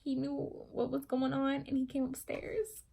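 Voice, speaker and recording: A woman's voice: high voice, monotone, normal speed, creaky, warm tone, slight background noise. A young woman vlogger casually retelling a story to camera, rambling and correcting herself as she goes.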